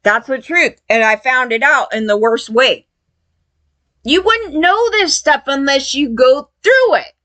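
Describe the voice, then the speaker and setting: A woman's voice: high voice, expressive, a little slow, bright, forceful tone, no echo. A woman angrily recounting how she was turned away after the fires, swearing often and acting out what officials told her. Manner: profane, heated, acts out others' lines. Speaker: fire survivor telling her story. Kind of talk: angry personal rant.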